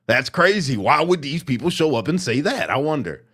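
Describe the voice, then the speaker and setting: Sarcastic man with a lively voice. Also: on the high side, moderate pace, husky. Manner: sarcastic, mocking, emphatic. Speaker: commentator reacting to protest clips. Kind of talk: sarcastic reaction commentary.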